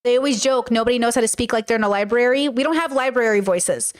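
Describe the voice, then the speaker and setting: A woman streamer chatting casually with her live chat, loud and excitable, a self-described yell talker. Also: a little high, fast talker, clear, resonant tone. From grew up in a Middle Eastern home. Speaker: streamer reacting to a video.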